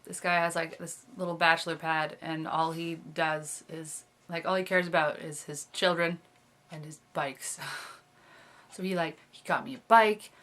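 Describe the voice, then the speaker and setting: A young woman in her twenties talks through a casual video diary. She rambles and circles back, full of fillers and small giggles. Her voice sits slightly lower than most women's. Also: fairly even intonation, measured pace, a bit bright. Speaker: vlogger.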